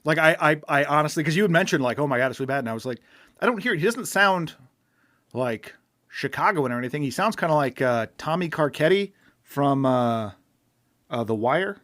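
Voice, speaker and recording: A man's voice: fairly high pitch, expressive, a little fast, a bit bright, no room sound. Chatty man, dry close sound. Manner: chatty, rambling with many restarts. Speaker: podcast co-host. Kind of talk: casual chat.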